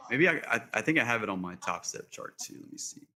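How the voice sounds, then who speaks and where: A man's voice: lowish voice, quick pace. A man co-hosting a trading stream from his desk, casually explaining his chart levels with frequent fillers. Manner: relaxed, explains setups, frequent um and like. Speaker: co-host trader. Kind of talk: casual live market commentary. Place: home trading desk with monitors.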